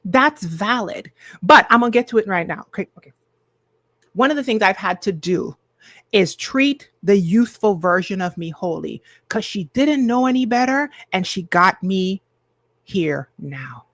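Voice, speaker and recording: A woman's voice: mid-range voice, lively intonation, normal speed, no room sound. A woman in her forties hosting a live healing session, talking casually and emphatically to viewers and repeating key phrases.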